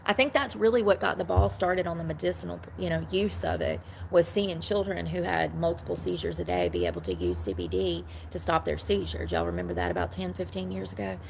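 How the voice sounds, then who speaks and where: A woman's voice: lowish voice, sing-song, brisk, creaky, hardly any pauses, darkish tone, slight background noise. A woman chatting casually to her livestream audience, rambling and answering comments, from the United States. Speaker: livestream host.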